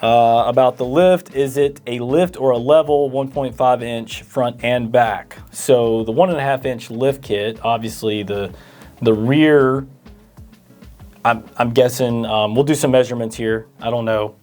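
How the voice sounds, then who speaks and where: A man's voice: mid-range voice, steady tone, unhurried, a little mellow, soft background music. A man co-hosting a parts store Q&A, reading viewer questions and often stammering through fillers. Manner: hesitant, stammering with many fillers. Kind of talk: casual Q&A chat.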